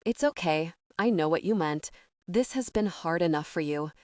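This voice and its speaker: A woman voicing a gentle, heartbroken young man. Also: expressive, no echo, close to an everyday voice. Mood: earnest, gentle. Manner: low, dry, carefully measured.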